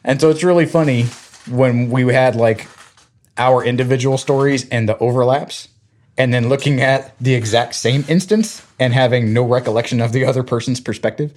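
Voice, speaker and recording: Man telling animated family stories. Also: medium pitch, normal speed. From Georgia, US. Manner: animated retelling, acts out quoted voices. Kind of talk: casual storytelling chat.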